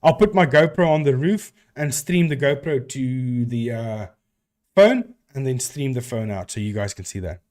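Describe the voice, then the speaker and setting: A man's voice: medium pitch, lively intonation, normal speed, darkish tone. A man from South Africa with a South African accent, a live stream host chatting casually and answering viewers with rambling restarts.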